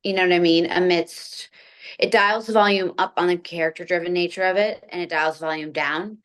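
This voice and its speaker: A young adult actress talking casually in an interview, giving long, thoughtful answers with some fillers. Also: female voice, lowish voice, steady tone, brisk. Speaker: actress interviewed about her film. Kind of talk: conversational interview.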